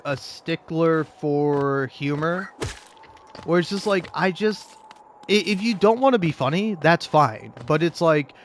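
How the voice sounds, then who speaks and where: A man's voice: on the high side, slight background noise. A man hosting a commentary video, ranting with lots of swearing and stammered restarts as he reacts to online comics. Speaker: commentary host.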